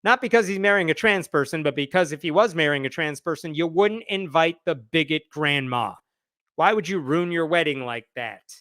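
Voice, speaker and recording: A man's voice: fairly high pitch, normal speed, a bit bright, no echo, studio quality. A man hosting a live news commentary stream, talking conversationally with a sarcastic edge. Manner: reads quotes aloud with shifting emphasis. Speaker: host.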